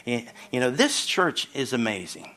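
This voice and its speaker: With a pushed, bright, sing-song mid-range voice at a moderate pace, a man in his sixties delivers a guest sermon. He hails from around Philadelphia and peppers his preaching with jokes, exclamations and frequent hallelujahs.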